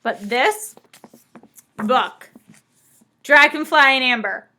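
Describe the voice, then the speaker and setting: A woman's voice: sits high, lively intonation, slow pace, pushed and bright. A young woman chatting casually in a book vlog, bubbly and gushing. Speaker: book vlogger. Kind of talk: casual chat.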